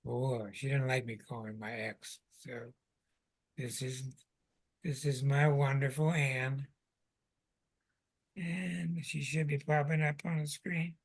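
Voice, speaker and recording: A man hosting a live online astrology show, talking excitably and emphatically to viewers, a little out of breath. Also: a little high.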